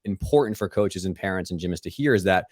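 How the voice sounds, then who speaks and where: A man's voice: sits low, expressive, fast talker, a little mellow, no echo, clean studio sound. A man hosting a podcast, talking enthusiastically in long run-on thoughts during a casual interview. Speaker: podcast host.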